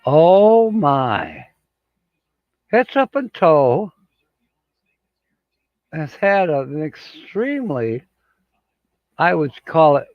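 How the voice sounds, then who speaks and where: Slow, chuckling man hosting a livestream. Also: sits high, dry recording, dull audio. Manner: chuckling often, slow and rambling. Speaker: livestream host. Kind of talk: casual livestream chat reading viewer comments. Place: home studio with green screen.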